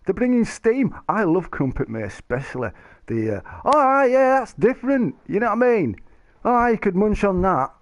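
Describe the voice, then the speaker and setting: A man's voice: high-pitched, big pitch swings, moderate pace, no echo. A man chatting casually to stream viewers, rambling and joking, laughing often. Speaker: live streamer.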